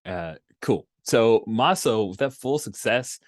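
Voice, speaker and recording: A man's voice: mid-range voice, slow pace, no echo, clean studio sound. A man running a tabletop role-playing game, casual and checking in with his players. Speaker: game master.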